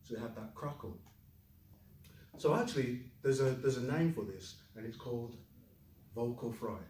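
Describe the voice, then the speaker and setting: A man teaching a classroom lesson, lively, quizzing the class and joking. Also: medium pitch, moderate pace, echoey room, recorded from a distance, slight background noise, rough recording. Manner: lively, asks the class questions, jokes. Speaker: Chinese teacher.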